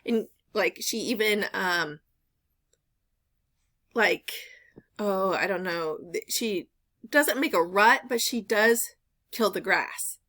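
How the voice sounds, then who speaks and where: A woman's voice: medium pitch, slow pace, long pauses, bright, forceful tone. A woman vlogger at home, telling a rambling story in casual chat, full of "like" and "um" fillers. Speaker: reseller vlogger.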